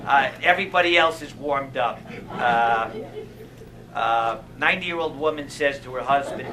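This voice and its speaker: A middle-aged male stand-up comedian who tells jokes on stage in a wry, deadpan way, leaving long pauses for laughs. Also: medium pitch, noisy background. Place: theater stage.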